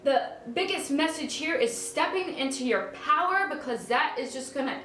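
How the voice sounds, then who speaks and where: A woman's voice: high-pitched, expressive, moderate pace, sharp tone. A woman giving a casual spiritual card reading to viewers, effusive and gushing, often repeating herself. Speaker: tarot card reader. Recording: echoey room with faint background noise.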